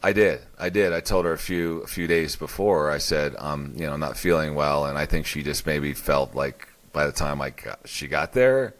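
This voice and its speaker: A man's voice: rumbling low, normal speed, hardly any pauses. A middle-aged man co-hosting a casual conversation, rambling with many restarts and fillers. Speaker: podcast co-host.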